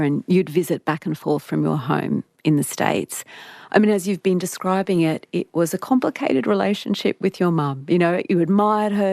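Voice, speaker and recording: A woman hosts a radio interview and asks probing questions in a thoughtful way. Her voice is very low and gravelly with vocal fry. The studio sound is close and dry. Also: dry recording. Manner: thoughtful, probing, gently summarizing.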